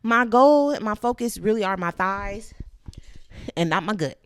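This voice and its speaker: A woman's voice: medium pitch, expressive, measured pace, long pauses, dry recording. A woman host talks in a frank, rambling casual chat, cursing easily and breaking into laughter. Her voice sits in an ordinary middle range. The recording is close and dry, with no room sound around her. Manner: candid and profane, with loose chatty tangents; laughs often while talking.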